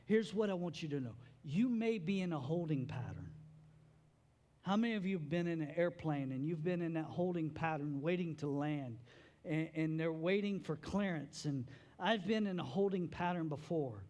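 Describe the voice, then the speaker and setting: High-voiced, animated preaching man. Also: moderate pace. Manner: animated preaching with joking asides. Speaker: pastor. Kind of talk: sermon.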